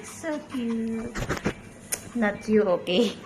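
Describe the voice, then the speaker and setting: A Filipino-accented woman croons to her pets in a high, swooping voice. She talks very slowly in sing-song baby talk, filling the pauses with soft hums. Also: animated, noisy background. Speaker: pet owner vlogger.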